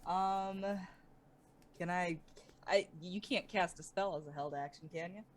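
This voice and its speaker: A woman playing in a tabletop game, pausing on "uh" and checking the rules before acting. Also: fairly low pitch. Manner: hesitant, asking rules questions with many "uh"s. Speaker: player. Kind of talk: casual tabletop game chat.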